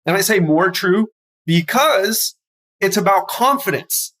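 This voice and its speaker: A man's voice: high voice, measured pace. Upbeat man hosting a health podcast. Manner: energetic, stumbles over words. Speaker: podcast host and health coach. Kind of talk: solo podcast monologue.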